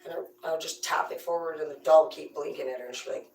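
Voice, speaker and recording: A woman with a slightly low voice spins foul-mouthed, rambling tales in a casual, animated way. She talks in a loose, chatty storytelling style. The sound is roomy and distant from the microphone. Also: fast, very noisy. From rural farm upbringing. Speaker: streamer telling stories. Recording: roomy, away from the mic.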